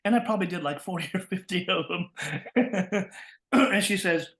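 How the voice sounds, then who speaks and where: Animated man from California, higher voice. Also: normal speed. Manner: animated, laughs often, acts out quoted voices. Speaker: guest, voice actor. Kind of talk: interview storytelling.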